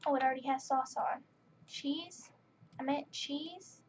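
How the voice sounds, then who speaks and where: A woman with a high voice talks her way through a game at an unhurried pace, chatty and easily annoyed. Her voice comes through a dull, lo-fi mic, with faint keyboard clicking behind it. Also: fairly even intonation, a little hiss or hum. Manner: chatty, exasperated running commentary. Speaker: gaming channel host. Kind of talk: casual game commentary.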